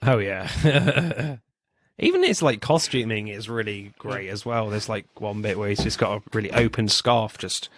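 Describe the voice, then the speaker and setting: A man's voice: on the low side, lively intonation, unhurried, a bit bright, dry recording, studio quality. A man co-hosting a podcast, eagerly retelling favorite film scenes and laughing often. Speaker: podcast co-host. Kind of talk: casual film discussion.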